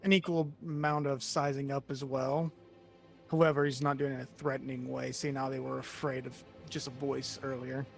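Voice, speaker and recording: A man's voice: medium pitch, little pitch movement, moderate pace, gravelly, faint music behind. A man playing a tabletop role-playing game, mixing in-character speech with casual, joking talk. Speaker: player.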